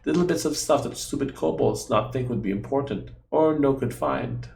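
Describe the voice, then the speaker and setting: A man playing a small, fretful female guardian in a game, childlike and eager to please. She speaks of herself in the third person in broken grammar, with a gravelly edge in an echoey room. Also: medium pitch, normal speed, darkish tone, a little hiss or hum.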